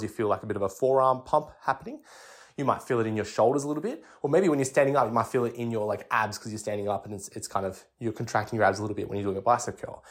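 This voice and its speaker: Young man, podcast host, casual and chatty, mid-pitched, restarts often. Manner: chatty, with many restarts and "like" fillers. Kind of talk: casual fitness explainer.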